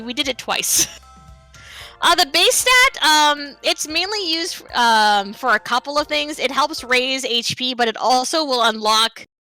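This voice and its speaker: A woman speedrunner with a high, bright voice gives casual live commentary on her game run. She's loose and chatty, easygoing and conversational, filling the talk with fillers and playful asides.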